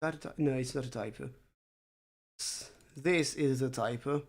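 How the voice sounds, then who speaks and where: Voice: medium pitch, normal speed, darkish tone. Dry-humored streamer thinking aloud. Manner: dry, self-mocking humor; thinks aloud with hesitant fillers. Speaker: conlang streamer. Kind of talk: casual livestream chat while working.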